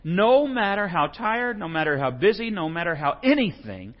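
A man with a high-sitting voice at normal speed preaches a casual, conversational sermon. He reads scripture and animatedly acts out the quoted lines, captured on a lo-fi, muffled recording.

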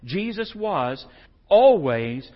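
Man, conversational sermon, animated delivery, muffled low-fidelity sound. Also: extremely slow. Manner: animated, conversational, acts out quotes. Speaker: preacher. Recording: lo-fi muffled recording.

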